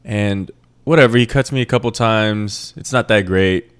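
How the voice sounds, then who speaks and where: A man's voice: on the low side, moderate pace, clean tone. A young man from a Puerto Rican family raised in New York, ranting in a rambling, profane, joking way as a podcast host. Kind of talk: casual monologue.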